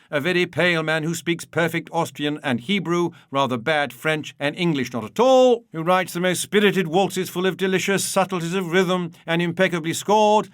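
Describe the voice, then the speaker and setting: A man reading a humorous memoir aloud in a wry, measured storytelling manner. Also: a little high, fairly bright tone, no room sound, studio quality. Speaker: narrator. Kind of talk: audiobook reading.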